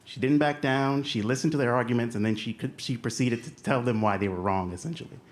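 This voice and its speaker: A man's voice: mid-range voice, fast. A young adult man from the United States with a light Southern American accent, telling a humorous, self-deprecating personal story on stage and acting out the voices he quotes.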